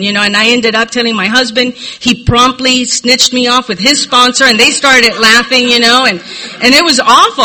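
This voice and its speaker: A middle-aged woman giving a personal recovery testimony from a podium microphone, telling her story candidly and filling pauses with "you know.". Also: a little high, pushed and bright, poor audio. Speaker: recovery meeting speaker.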